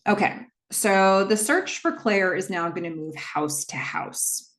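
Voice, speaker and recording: A woman hosting a casual horror movie recap, retelling the plot in a chatty way with quick asides. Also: mid-range voice, a bit bright.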